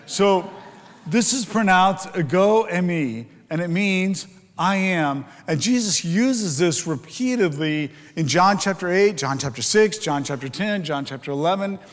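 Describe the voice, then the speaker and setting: A man's voice: high-pitched, expressive, a little slow, big-room sound. A man preaching a sermon, explaining scripture in a teaching tone with fillers and rhetorical questions. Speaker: pastor.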